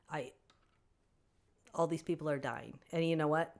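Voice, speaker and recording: A woman hosting a casual livestream Q&A for fans, answering viewer comments in an animated, opinionated way and laughing often. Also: deep voice, a little slow. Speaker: author hosting a fan Q&A stream.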